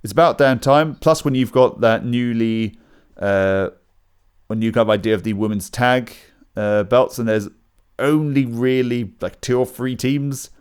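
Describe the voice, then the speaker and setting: A man's voice: mid-range voice, fairly even intonation, a little slow, a little mellow, clean tone. A man co-hosting a wrestling podcast, easygoing with a dry sense of humor. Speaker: podcast co-host. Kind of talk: casual chat.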